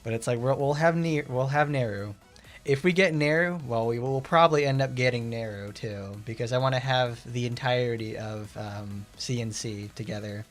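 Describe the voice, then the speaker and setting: A man giving casual gameplay commentary as a streamer, rambling, excitable and often correcting himself. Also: medium pitch, moderate pace, faint music behind. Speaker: gaming streamer.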